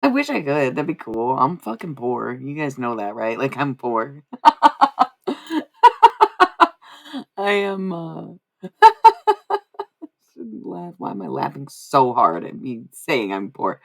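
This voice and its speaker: A woman's voice: extremely low pitch, very animated, moderate pace, creaky, few pauses. A young woman livestreaming, chatting casually and giving psychic readings, rambling and repeating herself with frequent laughs. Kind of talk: casual live-stream chat.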